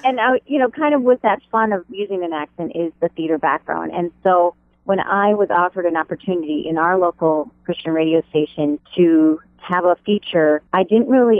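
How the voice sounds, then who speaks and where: A middle-aged American woman, a radio devotional writer, chatting animatedly as an interview guest from her home over the phone. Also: no echo. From American Upper Midwest. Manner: animated, laughs easily, pitch leaps when excited. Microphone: telephone. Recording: tinny phone line.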